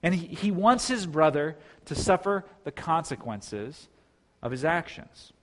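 A man's voice: on the high side, animated, unhurried. A man pastor preaching an earnest sermon, often restarting his sentences.

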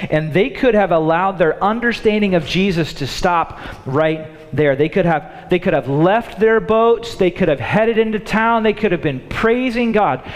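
High-voiced man preaching in a reverberant hall. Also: moderate pace, hardly any pauses. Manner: animated preaching, acts out the disciples' thoughts. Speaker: pastor. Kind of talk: sermon.

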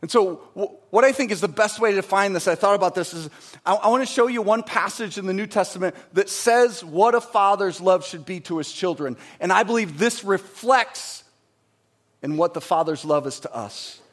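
High-voiced preacher, swinging loud to hushed. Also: male voice, moderate pace. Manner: emphatic, swings between loud and hushed, acts out quotes. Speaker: pastor. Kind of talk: sermon.

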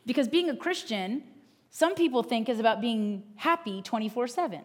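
A woman's voice: on the high side, expressive, brisk. A woman pastor giving a sermon in an earnest, conversational way.

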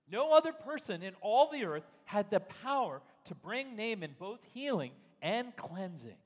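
A man's voice: high voice, big-room sound. A man preaching a sermon in an emphatic style, full of rhetorical questions. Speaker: pastor.

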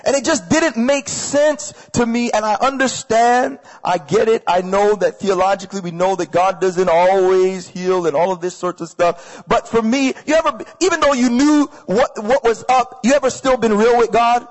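A man with a fairly high voice preaches a sermon, energetic and conversational. He drives points home by repeating short phrases and speaking straight to the listeners. The sound carries a long reverb from a large hall. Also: normal speed, hardly any pauses. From Canada. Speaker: pastor. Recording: echoey hall.

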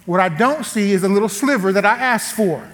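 A man preaching as a guest speaker, telling a story animatedly and acting out the quotes. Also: fairly quick. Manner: animated, acts out quotes with big swings in pitch. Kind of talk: storytelling sermon. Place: large church hall. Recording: long church hall reverb.

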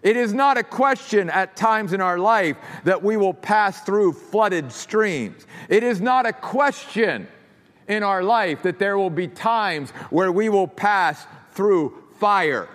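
High-voiced preaching man in a reverberant hall. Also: lively intonation, slow pace, a bit bright. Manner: emphatic preaching with repeated phrases. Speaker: pastor. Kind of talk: sermon.

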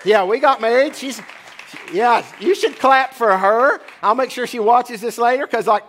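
High-voiced man preaching a sermon. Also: moderate pace, fairly bright tone, some chatter behind. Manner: chatty, joking asides. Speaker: pastor. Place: church sanctuary.

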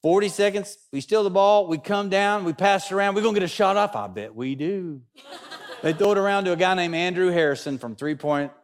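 A man, speaking in a fairly high voice. He tells a funny story to an audience, animated and joking, and builds up excitement as he goes. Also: a little fast. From Kentucky, USA. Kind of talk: humorous storytelling talk.

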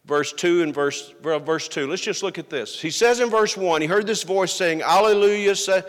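A man's voice: fairly high pitch, normal speed, a bit bright. Emphatic male preacher in a reverberant hall. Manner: earnest, emphatic preaching with rhetorical questions. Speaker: pastor. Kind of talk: sermon. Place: church sanctuary.

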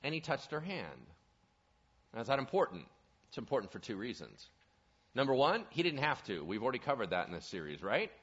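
Pastor guy preaching, lively swoopy voice, asks the crowd stuff, muffled lo-fi recording. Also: medium pitch, fairly quick, husky. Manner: animated, asks the audience questions. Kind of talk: sermon. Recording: dull lo-fi recording.

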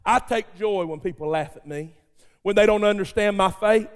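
A male preacher tells his sermon with dramatic fervor and a colloquial touch. His voice sits very high. A long reverb from a big church hall follows his words. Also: moderate pace. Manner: fervent, dramatic storytelling.

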